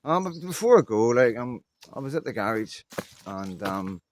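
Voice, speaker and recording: A man's voice: mid-range voice, sing-song, normal speed. Rambling middle-aged man. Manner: rambling, loose talk full of "you know what I mean" fillers. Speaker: vlogger. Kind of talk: casual unscripted vlog chat.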